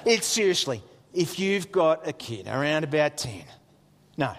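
A middle-aged man, a pastor telling funny stories in a sermon, animated and excitable with jokey asides. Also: sits high, moderate pace, big-room sound. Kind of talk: humorous storytelling sermon.

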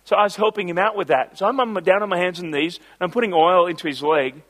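A middle-aged man delivers a sermon in a fairly high voice. He moves between warm personal storytelling and emphatic, drawn-out preaching. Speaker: pastor.

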